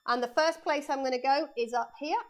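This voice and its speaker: A woman art teacher with a high-pitched voice speaks briskly while giving kids a live painting lesson in her studio. She talks through each stage of her drawing and chats into a lapel mic.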